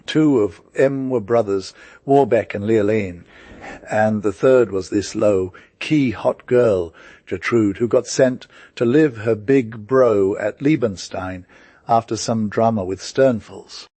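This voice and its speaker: A man's voice: fairly low pitch, takes it slowly, dark tone, no room sound. A man narrating a classic story in casual, slang-heavy modern words.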